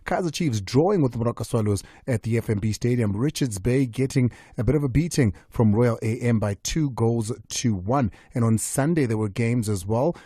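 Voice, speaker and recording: A man's voice: mid-range voice, normal speed, hardly any pauses, warm tone, slightly rough, no room sound, studio quality. A man hosting a radio sports show, reading results and chatting with plenty of fillers. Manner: chatty, with frequent fillers and restarts. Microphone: studio microphone.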